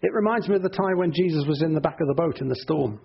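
A man's voice: fairly high pitch, quick pace, vocal fry, husky, muffled recording. A middle-aged man preaching an earnest sermon to his congregation, often repeating words for emphasis.

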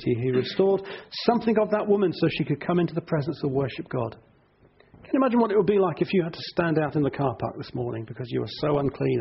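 A man's voice: on the high side, vocal fry, breathy edge, lo-fi sound. A middle-aged man preaching an earnest sermon to his congregation, often repeating words for emphasis.

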